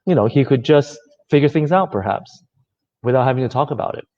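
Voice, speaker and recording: Gentle, reflective man, slightly muffled audio. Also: medium pitch, lively intonation, brisk. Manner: gentle, conversational, many fillers. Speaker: speaker giving a talk. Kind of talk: reflective talk.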